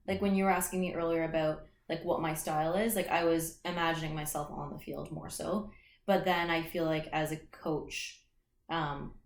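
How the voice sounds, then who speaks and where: A woman's voice: sits low, echoey room. A woman in her late twenties, a soccer player and coach, chatting casually as an interview guest and filling her talk with "like" and restarts. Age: late 20s. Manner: talkative, many "like" fillers and restarts.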